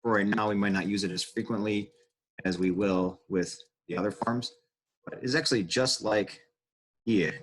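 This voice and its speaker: A man explaining a lesson as a teacher, casual and unhurried, pausing with fillers and restarting phrases. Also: lowish voice, fairly even intonation. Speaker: Spanish teacher. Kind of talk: classroom-style lesson explanation.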